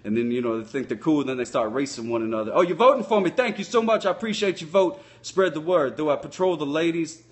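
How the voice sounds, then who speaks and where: Folksy, speeder-obsessed male sock-puppet cop, voiced by a man, pitched a bit high, rambling in a comic live-stream chat. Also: lively intonation, quick pace, few pauses, lightly acted. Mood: chatty. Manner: folksy, rambling, loose grammar.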